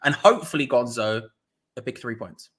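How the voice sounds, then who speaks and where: Young male host, bright forceful voice, animated storyteller in casual chat. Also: mid-range voice, moderate pace. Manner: animated anecdote telling.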